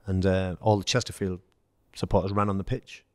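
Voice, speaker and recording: An English man, a former footballer, telling lively anecdotes in casual chat and acting out the quoted dialogue. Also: sits low, fairly quick, no room sound, clean studio sound. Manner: storytelling, acts out quoted dialogue, laughs. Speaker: former footballer, podcast guest.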